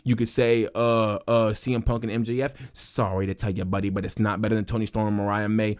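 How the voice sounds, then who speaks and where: A young man hosting a casual podcast, his voice sitting a little low. He rants with passion and gets worked up, circling back to the same points for emphasis. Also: little pitch movement, fairly quick, a little mellow, clear, resonant tone. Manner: passionate, worked-up, repetitive ranting. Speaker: wrestling podcast host. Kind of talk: casual opinion rant.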